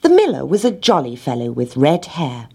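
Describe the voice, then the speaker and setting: A woman reading a children's story aloud in a gentle, expressive way. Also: deep voice, moderate pace, creaky, husky.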